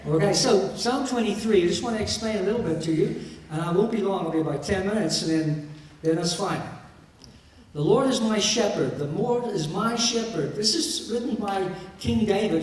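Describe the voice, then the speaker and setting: High-voiced minister in an echoey church. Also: male voice, fairly quick, a little mellow, far from the mic. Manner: explanatory with light joking asides. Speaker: minister leading a memorial service. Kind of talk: sermon.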